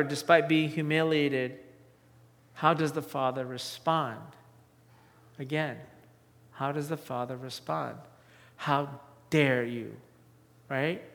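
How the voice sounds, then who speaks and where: A man's voice: fairly high pitch, fairly bright tone. Man preaching in an echoing hall. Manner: conversational preaching, asks the audience questions. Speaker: pastor. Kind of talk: sermon.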